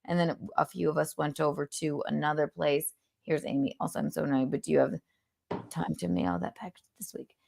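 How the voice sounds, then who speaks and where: A woman hosts a podcast in casual chat, her voice low and full of gravelly fry. She tells stories in a chatty, joking way. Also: steady tone, brisk, darkish tone. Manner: chatty, jokey storytelling. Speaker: podcast host.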